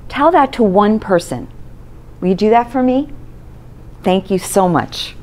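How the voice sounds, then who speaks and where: A woman's voice: medium pitch, measured pace. A woman presentation coach giving a short storytelling talk to an audience, acting out the voices of people in her story. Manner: lively storyteller, acts out voices in quotes.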